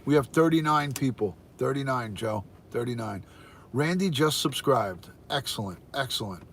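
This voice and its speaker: A man's voice: medium pitch, expressive, moderate pace, fairly bright tone, slight background noise. Upbeat older man greeting live viewers. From United States. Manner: upbeat, greets viewers by name and counts viewers aloud. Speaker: livestream host, retired detective. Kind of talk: casual live-stream chat. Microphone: phone.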